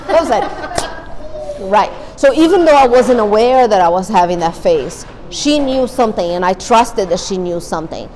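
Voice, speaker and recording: A woman's voice: medium pitch, animated, normal speed, a little mellow, a little hiss or hum, low-quality recording. Candid woman speaking to a parent group. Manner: earnest, candid, repeats key points. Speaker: guest speaker, therapist. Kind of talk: informal talk to a parent group. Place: meeting room.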